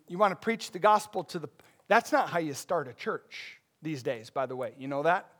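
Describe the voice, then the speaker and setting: Casting: male pastor, higher voice, easygoing sermon delivery that swells into emphatic points. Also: fairly bright tone. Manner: conversational preaching, rising emphatic bursts, asks congregation questions.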